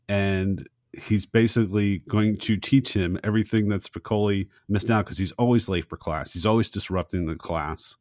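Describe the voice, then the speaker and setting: A man with a fairly low voice chats about a favorite movie scene in an easygoing, agreeable way. The recording is dry, with no room sound. He tells the story at a relaxed, conversational pace. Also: measured pace, no room sound. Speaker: podcast co-host. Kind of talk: casual movie discussion.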